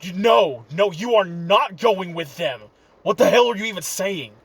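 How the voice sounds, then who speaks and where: A man's voice: fairly high pitch, lively intonation, moderate pace, slightly rough. A man voicing an irritable male fox spirit sealed inside a boy, talking urgently and bossily, in a casual fan retelling. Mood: urgent, annoyed.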